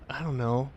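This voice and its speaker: A man narrating as game master, speaking in a relaxed, hesitant way. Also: mid-range voice, slightly rough, highs cut off.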